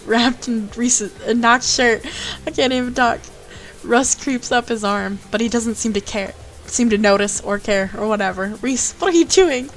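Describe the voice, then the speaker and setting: A woman's voice: medium pitch, poor audio. Playful woman reading a game aloud. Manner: playful, joking asides. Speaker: streamer. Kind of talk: reading a visual novel aloud.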